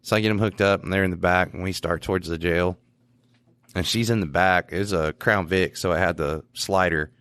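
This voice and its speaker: A man's voice: low-pitched, fairly quick, smooth, dry recording. A man who works as a police officer, telling work stories in a casual podcast chat, laughing as he goes. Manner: laughing, animated anecdotes with quoted voices.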